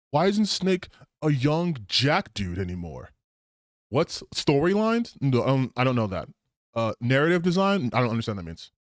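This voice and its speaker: A grumbling, offended male gamer, dim and indignant, firing off low puzzled questions, as a man puts him on in mockery. His delivery stays close and dry, with pitch that swings widely. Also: dry recording, natural voice.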